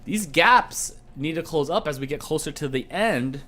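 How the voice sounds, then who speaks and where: A man's voice: fairly high pitch, lively intonation, normal speed, pushed and bright, slight background noise. A man hosting a casual live-streamed trivia game show from home, playful and jokey, easily sidetracked.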